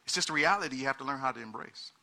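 A man preaching a sermon in an animated way, repeating words and acting out the people he quotes. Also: medium pitch, very fast.

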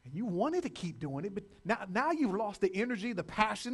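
A man's voice: high-pitched, very animated, fairly quick, slightly rough. Man preaching with big dynamic swings. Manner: repeats and restarts words. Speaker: pastor. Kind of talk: sermon.

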